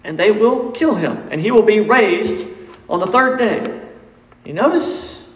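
A man's voice: high voice, lively intonation, a little slow, fairly bright tone, roomy sound, in a large hall, rough recording. A man preaching a sermon in church, emphatic and repetitive, quizzing his congregation as he goes. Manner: emphatic, repeats key points and quizzes the congregation. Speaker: pastor. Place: church sanctuary.

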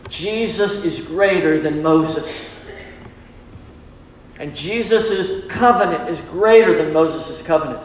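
A man's voice: fairly high pitch, slow pace, a little hiss or hum. A man preaching a sermon as pastor, emphatic, asking his congregation questions and calling back their answers. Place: church sanctuary. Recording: echoey church hall.

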